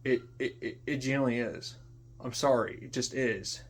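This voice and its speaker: A young man with a mid-range voice venting to the camera in a long unscripted rant. He swears freely, circles back over the same points, and often sinks into low, tired mutters between louder bursts. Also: steady tone, moderate pace. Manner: frustrated, profane, repeats himself, trails off into quiet mutters. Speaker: vlogger. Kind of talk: unscripted ranting monologue.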